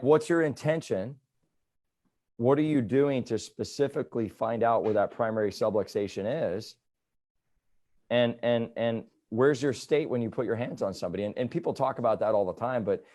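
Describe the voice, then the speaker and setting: A man in his thirties, a chiropractor, telling patient stories in a casual interview, often tagging "right?" onto his points. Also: mid-range voice. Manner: animated storytelling, repeats "right?" often.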